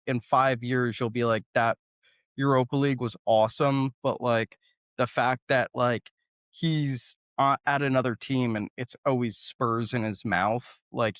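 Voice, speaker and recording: A man's voice: mid-range voice, fairly bright tone, no room sound, clean studio sound. A man co-hosting a podcast, arguing his point in casual football talk and repeating words as he starts. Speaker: podcast co-host.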